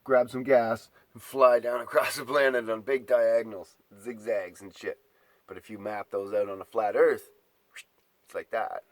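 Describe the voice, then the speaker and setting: A man's voice: medium pitch, no room sound. A man delivering an exasperated, profane ranting monologue, mocking his listeners.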